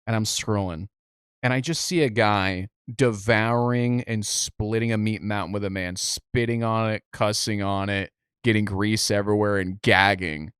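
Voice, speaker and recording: A young man co-hosting a casual podcast, telling animated stories and acting out what other people said. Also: lowish voice, moderate pace, smooth, no room sound, clean studio sound. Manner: animated storytelling, acts out other people's lines. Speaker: podcast co-host. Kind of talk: casual chat.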